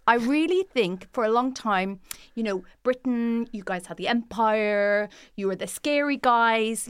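A woman's voice: a little high, smooth, no room sound, clean studio sound. An Irish woman comedian joking playfully as a podcast guest, laughing at her own lines. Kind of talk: casual comic chat.

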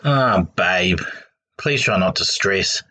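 A man voicing a smooth-talking con man who coaxes and reassures his girlfriend, read out in a documentary podcast. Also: low-pitched, animated, takes it slowly, bright, forceful tone, full character voice. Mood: reassuring. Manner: coaxing, reassuring.

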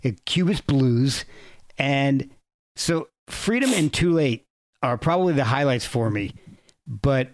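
Slow-talking male podcast host. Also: mid-range voice, expressive. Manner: enthusiastic listener, brief reactions. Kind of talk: casual interview chat.

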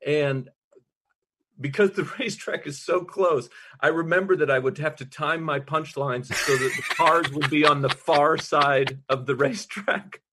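A male comedian guest casually telling a story, animated and laughing through his lines. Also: on the high side, slightly rough.

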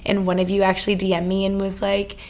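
A woman's voice: medium pitch, monotone, quick pace. A woman in her twenties hosting a podcast on her own, chatting casually and gushing with lots of "like" fillers and tangents. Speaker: podcast host. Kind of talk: casual solo podcast chat.

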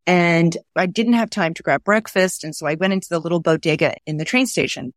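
A woman with a lowish voice speaks briskly in clean, echo-free studio sound. She's a guest author telling stories earnestly in conversation and acting out the things people said.

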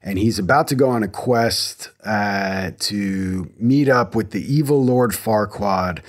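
Recording alone in his home garage, this thirty-something podcast host speaks slowly in a lowish voice. His casual talk is eager and meandering, full of restarts and self-corrections.

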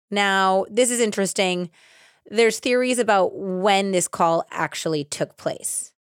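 A woman hosting a true crime podcast, casually retelling a case with animated acted-out quotes and lots of "like". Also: mid-range voice, clean tone, no echo, studio quality. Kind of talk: casual storytelling.

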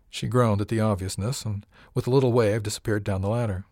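Low-voiced male audiobook narrator, dry. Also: steady tone, fast, hardly any pauses, a little mellow, dry recording. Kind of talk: scripted first-person narration. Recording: dry close recording.

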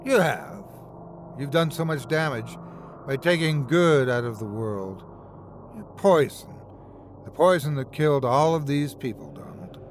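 A man voicing a vengeful female ghost who speaks in a low, hushed, accusing way. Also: a little slow, slight background noise, lightly acted.

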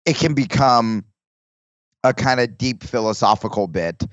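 A comedian guest talking in casual podcast chat, rambling with restarts and acting out quoted lines. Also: male voice, medium pitch, unhurried, fairly bright tone, no room sound, lo-fi sound.

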